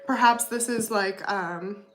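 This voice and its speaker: A woman's voice: mid-range voice, slow pace, a bit bright, soft background music. A woman giving a casual tarot reading to her viewers, chatty, often adding "okay?" and "you know what I mean?". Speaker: tarot reader.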